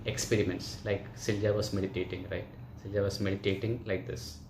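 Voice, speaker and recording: A man's voice: on the low side, flat delivery, a little fast, noisy background. A yoga teacher, a man, telling a story to his class in a chatty way, often checking in with them. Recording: roomy echo.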